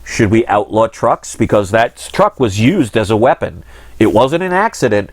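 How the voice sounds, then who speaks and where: A man's voice: lowish voice, sing-song, moderate pace, no room sound. A man hosting his own channel, talking in a casual monologue that is earnest, rambling and frustrated. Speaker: channel host.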